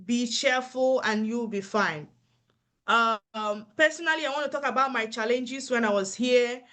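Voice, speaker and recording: A woman's voice: on the high side, unhurried, sharp tone. A woman, an earnest nurse giving encouraging career advice and repeating her points for emphasis. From Africa. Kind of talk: motivational advice talk.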